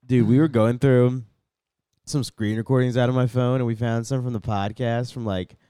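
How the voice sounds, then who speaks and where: A man's voice: medium pitch, steady tone, normal speed, dark tone, clear, resonant tone, no room sound, studio quality. A man on a comedy podcast, swearing freely and playing up mock outrage at his friends. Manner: swears a lot, mock-indignant. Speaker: podcast co-host. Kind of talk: crude comedy banter.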